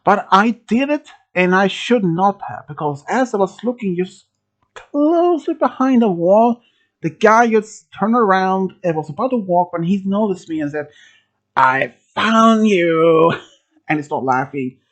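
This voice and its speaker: A storyteller from Sweden telling a first-person horror story, halting, with restarts and phrasing. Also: mid-range voice, animated. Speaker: channel host telling a story.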